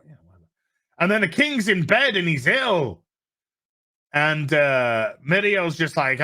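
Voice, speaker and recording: A man's voice: mid-range voice, bright, forceful tone. A man with a Yorkshire accent hosting a TV review, recapping an episode in a sarcastic, profane rant and putting on mocking voices for the characters. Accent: Yorkshire English. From England. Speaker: TV review host.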